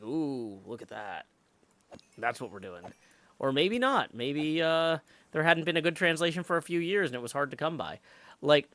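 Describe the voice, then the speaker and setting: A man's voice: mid-range voice, a bit bright, no room sound. A man live streaming while he plays, chatting casually and thinking aloud with lots of fillers, and greeting viewers in the chat.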